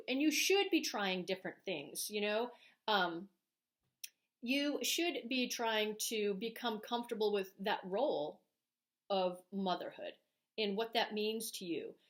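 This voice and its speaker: A woman's voice: medium pitch, expressive, measured pace, a bit bright. A middle-aged woman vlogger talking frankly and emphatically to camera about parenting, with plenty of ums. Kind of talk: opinionated casual talk to camera.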